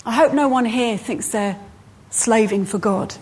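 Her high voice is a little mellow and husky as she delivers a sermon at a slow, deliberate pace. The woman preacher lingers on each phrase and repeats lines for emphasis.

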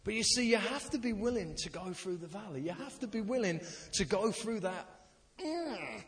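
A man's voice: high-pitched, expressive, moderate pace, a little hiss or hum. A man, a pastor, preaching a sermon in an anecdotal, self-deprecating storytelling manner. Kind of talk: sermon with personal stories.

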